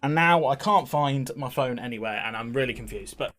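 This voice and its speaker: A man's voice: mid-range voice, a little fast, fairly bright tone. A young man chatting casually to his live-stream chat while slightly out of breath, greeting viewers by name and swearing now and then. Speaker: game streamer.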